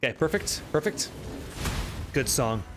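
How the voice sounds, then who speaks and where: A man streaming a game live, chatting with viewers in an excitable, casual way and swearing freely. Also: mid-range voice, measured pace, background noise. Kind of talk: live gameplay commentary.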